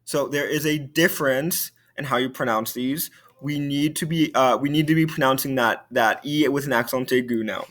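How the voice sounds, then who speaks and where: A man's voice: mid-range voice, moderate pace, few pauses, a bit bright. A male French teacher giving a recorded video lesson, explaining patiently and repeating key points.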